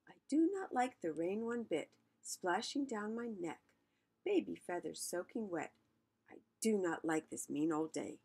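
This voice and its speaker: A woman's voice: low-pitched, lively intonation, very slow, creaky, breathy edge, full character voice. A woman voicing a grumpy little girl duckling in a storybook, pouting and whiny. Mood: sulky.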